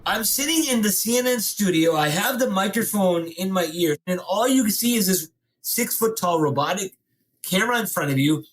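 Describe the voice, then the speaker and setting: A man telling a dramatic story as a podcast guest, animated and punchy, with some swearing. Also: sits high.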